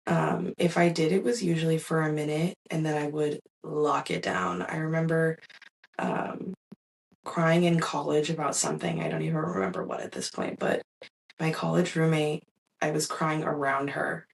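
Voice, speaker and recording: Young woman podcasting about her own life, low voice, kinda far from the mic, candid and reflective. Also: moderate pace, vocal fry. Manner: candid and reflective, with soft laughs and fillers. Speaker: podcast host. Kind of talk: personal storytelling monologue.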